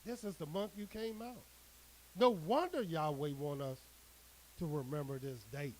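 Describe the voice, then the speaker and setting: Slow, deliberate male preacher reading scripture and pressing each point with emphasis. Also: fairly high pitch, a little hiss or hum, poor audio. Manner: emphatic, drawn-out preaching cadence.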